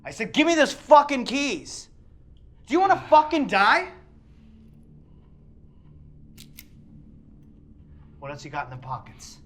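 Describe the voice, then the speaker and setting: An actor playing a volatile, profane male home invader in film dialogue, swinging between low muttering and shouted threats. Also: fairly even intonation, fast talker, slight background noise, close to an everyday voice. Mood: threatening.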